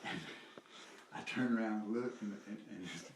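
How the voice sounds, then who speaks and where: Speaking at a moderate pace, an older man with a Southern US accent and a lowish, darkish voice keeps his intonation fairly even. He's being interviewed about his activism and wanders through a personal story, chuckling, swearing, trailing off and restarting. The mic is distant, the room roomy, with a faint noise floor.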